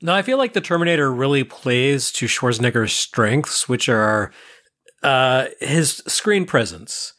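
A man's voice: medium pitch, lively intonation, a little slow, a bit bright. A man on a casual movie podcast, making dry, wry remarks.

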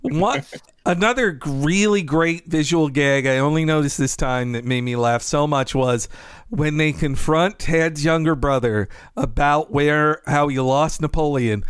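A man's voice: on the high side, measured pace, clear, resonant tone, dry recording, clean studio sound. A man chatting casually on a podcast about a film, laughing as he recounts favorite jokes. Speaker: podcast co-host. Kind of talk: casual chat.

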